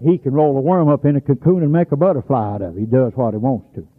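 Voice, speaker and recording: Folksy preacher on a tinny old radio recording. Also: male voice, mid-range voice, fast talker. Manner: folksy storytelling, bursts into shouts. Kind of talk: sermon.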